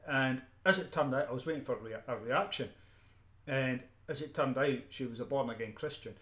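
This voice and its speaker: Scottish guy ranting off the cuff, middle pitch, keeps restarting and clearing his throat, roomy echo. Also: fairly quick, fairly bright tone. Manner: emphatic, repeats himself, frequent restarts and throat-clearing. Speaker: street preacher. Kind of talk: unscripted ranting monologue.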